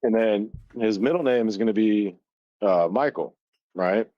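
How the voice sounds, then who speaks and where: A man's voice: lowish voice, unhurried, no room sound. A man in his thirties co-hosting a casual podcast, retelling a story loosely, swearing constantly and laughing often. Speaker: podcast co-host. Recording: dull, dry, lo-fi sound.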